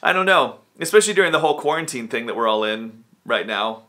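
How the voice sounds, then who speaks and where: A man casually vlogging at home, sleepy and rambling in a low-key, self-deprecating way. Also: expressive, fast, bright, forceful tone. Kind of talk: casual vlog chat. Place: at home, indoors. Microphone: camera or phone on a stand.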